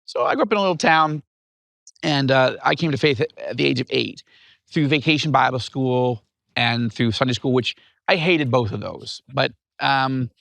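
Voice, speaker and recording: A man in his fifties from upstate New York, telling his life story as an interview guest in an animated way. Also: mid-range voice, normal speed, vocal fry, no echo. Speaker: guest author.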